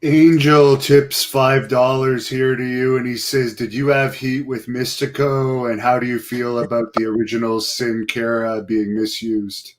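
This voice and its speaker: Male host, monotone, matter-of-fact, reads viewer questions. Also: medium pitch, unhurried, few pauses. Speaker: host reading fan questions. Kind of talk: casual live-stream interview.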